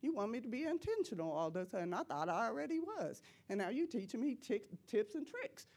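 A woman's voice: fairly high pitch, very animated, brisk, darkish tone. A woman speaking at church, giving an emphatic personal testimony sermon in a casual, slangy way and laughing often between her lines. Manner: casual, slangy preaching talk.

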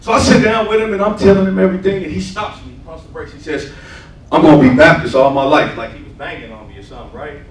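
High-voiced preacher in an echoey church. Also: male voice, rapid-fire, few pauses, far from the mic. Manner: call-and-response asides, repeats "right?". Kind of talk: sermon with personal testimony. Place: church sanctuary.

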